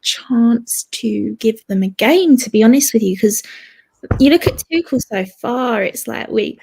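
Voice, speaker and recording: A woman's voice: fairly high pitch, expressive, measured pace, gravelly, darkish tone, slight background noise. A woman on a panel in a casual online football chat from home, talking in an easygoing way and often adding "to be honest with you".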